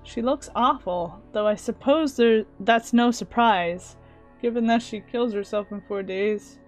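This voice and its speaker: A woman reading a visual novel aloud, narrating and reacting with animated asides. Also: a little high, unhurried, faint music behind. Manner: animated reactions and filler sounds. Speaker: let's play host.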